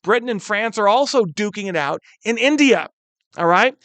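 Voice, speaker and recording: A man teaching a recorded history lesson over slides, casual and animated, calling his students "guys" and stumbling now and then to correct himself. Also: high-pitched, normal speed, dry recording.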